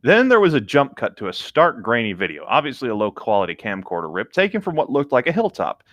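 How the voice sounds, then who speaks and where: A man's voice: medium pitch, wildly swooping pitch, quick pace, a bit bright, no room sound, lo-fi sound. A man co-hosting a podcast, chatting casually and reading a creepypasta aloud, with dry, teasing quips. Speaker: podcast co-host.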